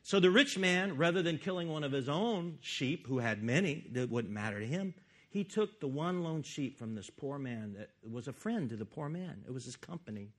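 A man voicing the prophet Nathan as a grave storyteller who confronts a king, declaiming loudly in a raised voice. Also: a little high, expressive, normal speed. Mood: coaxing. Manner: emphatic, rising, declaiming scripture.

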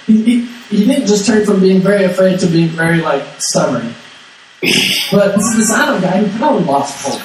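A man giving a conversational sermon in a slightly high voice, stumbling over repeated words and slipping into the voices of the people he quotes. He sounds distant from the mic in a strongly echoing hall with faint noise underneath. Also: expressive, fairly quick. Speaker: preacher. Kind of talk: sermon, conversational Bible teaching.

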